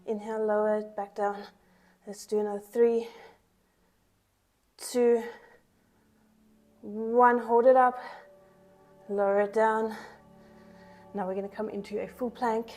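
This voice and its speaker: Woman pilates instructor cueing and counting reps while doing the moves herself, slightly winded, mellow tone, faint music underneath. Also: mid-range voice, level tone, a little slow, long pauses. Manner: counts reps and cues breathing while exercising along. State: a little out of breath. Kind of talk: workout class instruction.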